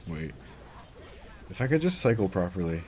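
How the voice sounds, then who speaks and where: A man's voice: deep voice, sing-song, moderate pace, noisy background. Chatty young man streaming a game. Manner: chatty, reads chat aloud, reacts loudly to plays. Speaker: livestreamer. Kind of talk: casual gameplay livestream chat.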